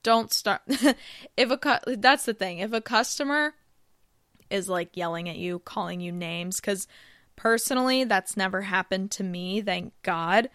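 Smooth-voiced woman giving casual advice. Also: mid-range voice, a little slow, a bit bright, no room sound, studio quality. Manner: chatty, uses filler phrases. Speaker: podcast host.

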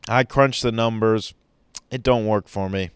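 A man putting on a blunt, chummy male business boss who talks loud and fast, calling people buddy and pal. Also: on the low side, fairly even intonation, clear, resonant tone, no room sound, studio quality, lightly acted. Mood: breezy apologetic.

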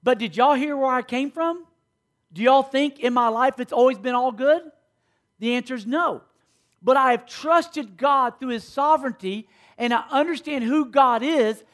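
A man's voice: very high voice, moderate pace, a bit bright. A man preaching a sermon to a school audience, often stopping to ask the listeners questions and check that they follow. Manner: asks the audience questions, call and response. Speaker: speaker at a school.

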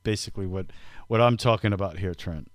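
Smooth-voiced podcast host, quick and teasing. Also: male voice, deep voice, no room sound, clean studio sound. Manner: fast, teasing, rambling. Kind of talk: casual podcast chat.

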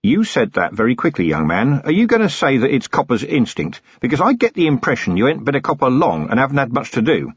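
Man doing a wry old-hand police chief, plain talking, husky, dull lo-fi sound. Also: medium pitch, sing-song, fast talker, hardly any pauses, no echo, pitched above the performer's own voice. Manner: dry, plain-spoken, wry. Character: gruff seasoned city police commander, dry and wry. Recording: dull lo-fi audiobook recording.

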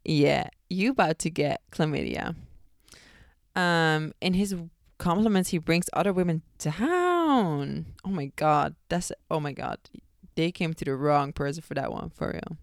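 Young american woman podcasting, low gravelly voice, smooth and dry, blunt and swears a lot. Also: expressive, measured pace, dry recording. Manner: blunt, chatty, swears freely. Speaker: podcast host. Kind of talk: casual chat.

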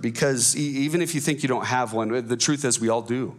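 A man's voice: mid-range voice, a little fast, few pauses. A man preaching a sermon as pastor, driving points home with repetition and rising emphasis through lists.

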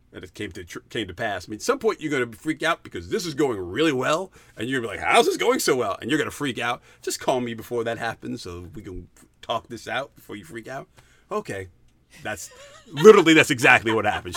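Animated man telling a story. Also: no room sound. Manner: animated, acts out quotes with big pitch jumps. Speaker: podcast co-host. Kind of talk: casual storytelling chat.

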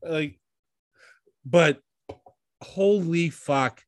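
A man co-hosting a podcast in casual chat, excitable and loose, with many fillers and swearing. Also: a little high, very slow, no room sound, clean studio sound. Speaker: podcast co-host.

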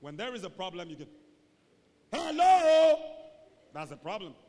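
A man delivers a sermon in a church hall, his voice high and wildly expressive. He acts out small scenes and breaks into shouts for emphasis. The hall gives every word a long reverb tail. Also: very fast. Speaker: preacher.

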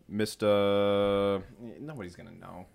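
A man's voice: lowish voice, flat delivery, slow, gravelly, a little mellow, smooth. A man rambling through stories in a casual group chat, laughing often and swearing.

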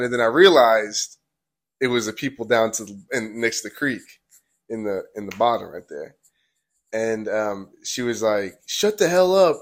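Young man telling a rambling story. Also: mid-range voice. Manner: rambling, many "like"s, acts out quotes. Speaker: podcast host. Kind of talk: casual storytelling.

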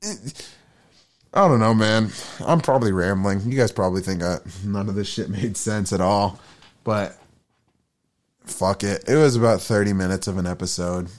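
A man's voice: lowish voice, moderate pace. A young man hosting a solo podcast, rambling through his opinions with frequent swearing and self-deprecating asides. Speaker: podcast host.

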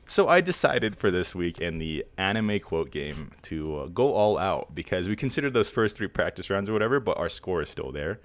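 A man's voice: low-pitched, big pitch swings, normal speed, hardly any pauses. A young man hosting a casual quiz game with friends, teasing them, laughing often and swearing casually. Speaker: podcast host running a quiz game. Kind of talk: casual chat.

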